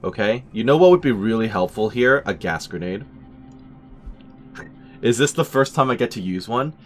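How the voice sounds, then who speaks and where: A man's voice: fairly low pitch, expressive, normal speed. A man giving casual let's-play commentary with chatty, wry asides. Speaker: gaming channel host. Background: game music.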